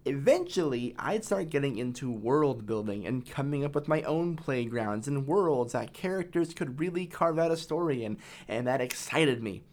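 A man's voice: medium pitch, a little mellow. A man narrating a scripted video essay in a casual, profane, enthusiastic way.

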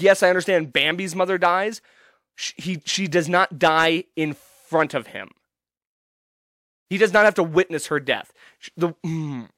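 A young man talks through a casual solo podcast in a slightly raised voice. He is emphatic and rambling, full of swearing and quick restarts. The sound is dry and close, with no room around it. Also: a little high, a bit bright, dry recording. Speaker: podcast host.

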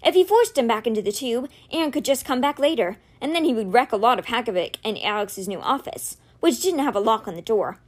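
A woman reading a novel aloud with expressive, animated storytelling. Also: a little high, a little fast, hardly any pauses. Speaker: audiobook reader.

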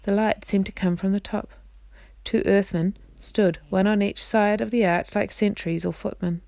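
A woman reading a chapter book aloud at a steady storytelling pace, now and then stumbling and restarting a word. Her voice sits mid-range and the recording is dry and close. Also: medium pitch, normal speed, vocal fry, dry recording. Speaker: reader.

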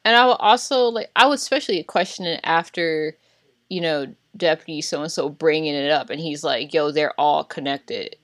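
Woman w a really low voice, stops and restarts a lot, dry close sound. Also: normal speed, fairly bright tone, dry recording. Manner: hesitant, restarts sentences, self-correcting. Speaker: podcast co-host. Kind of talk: casual film discussion.

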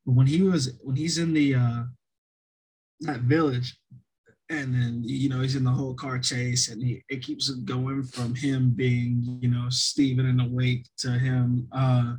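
A man in casual chat who speaks bluntly and teases his partner. His voice is somewhat husky, at an ordinary pitch. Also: flat delivery, measured pace, a little mellow, rough recording.

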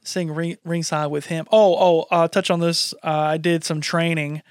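A man on a podcast telling stories in casual chat, acting out what others said in an animated way. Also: a little high, normal speed, smooth, no echo, clean studio sound. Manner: animated, acts out quotes in raised voice. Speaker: podcast co-host, wrestler.

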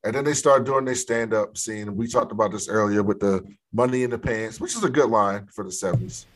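A man's voice: lowish voice, a little fast. A man co-hosting a podcast, casually recapping a film scene by scene with frequent laughter and swearing. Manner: laughing, profane storytelling. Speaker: podcast co-host. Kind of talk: casual movie recap chat.

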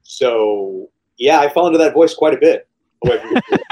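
A man's voice: on the high side, huge pitch swings, a little fast, a little mellow, rough recording. A man who is a voice actor, speaking earnestly on a panel. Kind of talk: panel discussion.

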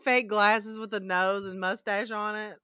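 Bright-voiced woman cohosting, giggly and blunt, dry close sound. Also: mid-range voice, little pitch movement, clean tone, no echo. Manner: giggly, quick reactions, frank. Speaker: podcast co-host. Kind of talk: casual chat.

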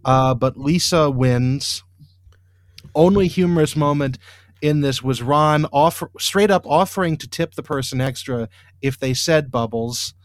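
A man talks through a podcast recap in a loose, rambling way, his voice sitting a bit high. He trails into ums and restarts and drops dry, wry asides. The sound is close and dry, with no room around it. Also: normal speed, no echo. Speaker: podcast host.

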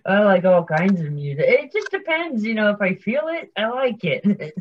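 A woman's voice: medium pitch, big pitch swings, moderate pace, lo-fi sound, slight background noise. A woman from Virginia, chatting easily as a guest and chuckling often. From Virginia, United States. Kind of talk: casual chat.

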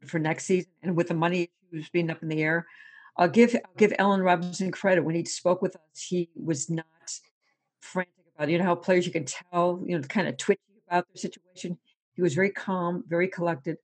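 Speaking briskly in a lowish voice, a female sports reporter tells animated stories in casual chat, repeating words and laughing a lot.

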